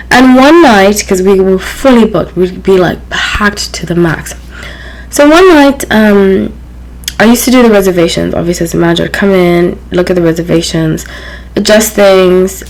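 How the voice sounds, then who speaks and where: A woman's voice: on the low side, creaky, rough recording. A woman hosting her own channel, telling a personal story in a casual, chatty way with lots of fillers. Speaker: channel host.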